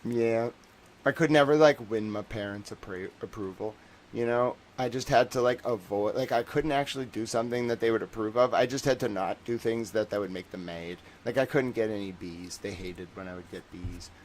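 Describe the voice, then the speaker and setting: A man's voice: on the low side, moderate pace, a little hiss or hum, poor audio. A young man hosting a livestream, talking casually and rambling, full of fillers and little acted-out voices. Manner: rambling, jokey, many fillers, acts out voices. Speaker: livestream host.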